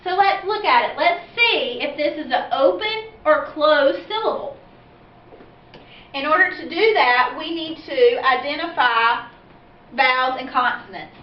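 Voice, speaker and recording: Woman teacher, high voice, slow patient phonics explainer; recorded at a distance in an echoey room, muffled. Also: animated. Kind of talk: phonics lesson for parents and children. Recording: echoey, dull, distant from the mic.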